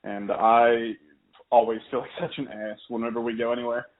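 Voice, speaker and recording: A man's voice: mid-range voice, normal speed. A man co-hosting a podcast, rambling through casual anecdotes. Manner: rambling, animated, puts on voices in anecdotes. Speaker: podcast co-host. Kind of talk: casual chat. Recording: tinny phone-like line.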